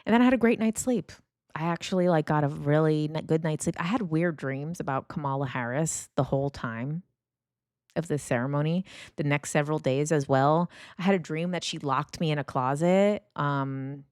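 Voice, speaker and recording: A woman host telling a personal story in a casual, rambling way, full of fillers and restarts, and lively when she acts out her reactions. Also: low-pitched, moderate pace, no room sound, studio quality. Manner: animated when acting out reactions. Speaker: podcast host.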